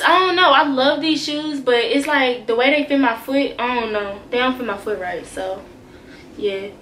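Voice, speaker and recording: High-voiced young woman vlogging casually. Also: roomy sound, a little hiss or hum. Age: young adult. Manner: slangy, animated, profane, talks straight to viewers. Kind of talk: casual shoe collection vlog. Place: bedroom with shoes behind her.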